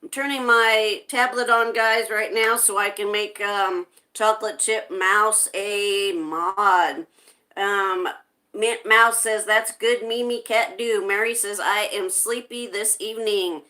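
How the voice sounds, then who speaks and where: A woman's voice: medium pitch, steady tone, takes it slowly, bright, forceful tone. A woman hosting a casual live stream, greeting viewers by name and reading their chat messages aloud.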